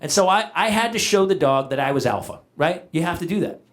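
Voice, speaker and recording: A man's voice: sits high, a little fast. A middle-aged man performing a stand-up comedy routine on stage, acting out the people in his stories in changing voices. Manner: animated, acts out quoted family members in shifting voices. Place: comedy club stage before a live audience. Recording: live audience laughter around the voice.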